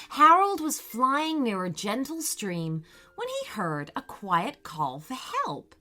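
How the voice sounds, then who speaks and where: Slow, lilting bedtime storyteller woman. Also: medium pitch. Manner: gentle, expressive. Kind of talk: children's bedtime story narration.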